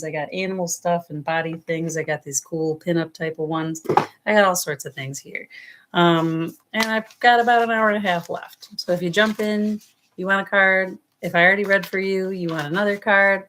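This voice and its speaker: Woman, New York accent, low-ish voice, chatty tarot reader on a livestream, affectionate and meandering. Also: a bit bright, a little hiss or hum. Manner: affectionate, rambling, calls viewers loves and darling. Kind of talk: casual live-stream reading. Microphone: webcam or phone on a livestream.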